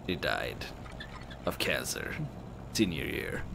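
A man voicing a bitter, stern young woman crocodile who speaks low, cold and clipped. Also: expressive, takes it slowly, creaky, pushed and bright, a little hiss or hum, exaggerated voice. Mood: flat, annoyed.

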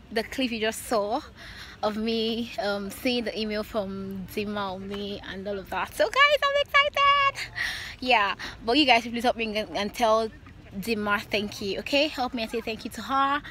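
A young Nigerian woman vlogging in a casual, excitable way, often breaking into laughter. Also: fairly high pitch, slight background noise. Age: young adult. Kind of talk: casual vlog chat.

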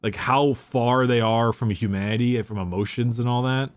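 Young male co-host, mid pitch, casual book chat, stammers and restarts. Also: moderate pace. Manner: relaxed, stammery restarts, recounts scenes with quoted lines. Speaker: podcast co-host.

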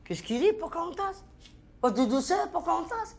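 Brief: high-pitched French-accented jailbird, all bluster, stumbling broken English. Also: male voice, sing-song, fairly quick, full character voice. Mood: boastful. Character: boastful French inmate, jittery and comically tough. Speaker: actor in film scene. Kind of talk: film comedy acting.

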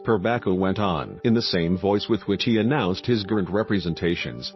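Low-voiced man reading a story. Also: moderate pace, few pauses. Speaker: audiobook narrator. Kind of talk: scripted narration. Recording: dull lo-fi with faint music.

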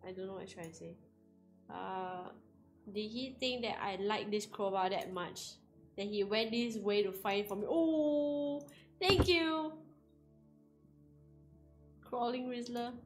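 A woman giving casual game commentary, excitable and giggly, speaking English with non-native grammar. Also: medium pitch, takes it slowly, long pauses. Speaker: gaming YouTuber. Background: faint game music.

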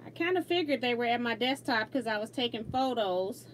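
Chatty high-voiced woman hosting a sewing stream. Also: lively intonation, fairly quick, slight background noise. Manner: chatty, laughs often, reads viewer comments aloud. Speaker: quilting livestream host. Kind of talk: casual livestream chat while sewing.

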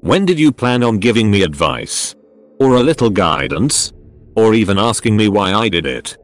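A man's voice: lowish voice, sing-song, normal speed. A synthetic male voice reading the part of an angry, hurt young woman confronting her father. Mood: bitter.

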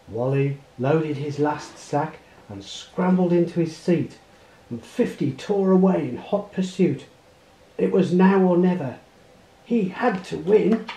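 Male read-aloud narrator, unhurried and lilting, echoey room. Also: high voice. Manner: expressive read-aloud storytelling. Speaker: storybook reader. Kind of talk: reading a children's picture book aloud. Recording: roomy echo.

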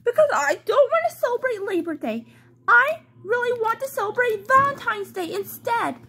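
A woman's voice: very high-pitched, sing-song, normal speed, sharp tone, exaggerated voice. A woman voicing a grumpy, bossy young girl doll who whines and sulks, in toy play storytelling. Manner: whiny, sulky, pouting.

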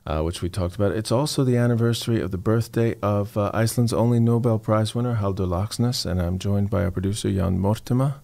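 A man with a fairly low voice hosts a radio show. He chats with his guest in a relaxed, friendly way and drops in a few fillers. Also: fast talker, creaky, few pauses. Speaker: radio host. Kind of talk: casual radio chat. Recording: radio studio.

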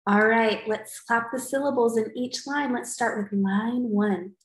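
A woman teacher giving a recorded poetry lesson to young students, cheerful and slow, clapping out syllables and sometimes whispering. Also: a little high, animated, echoey room, poor audio. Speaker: elementary school teacher.

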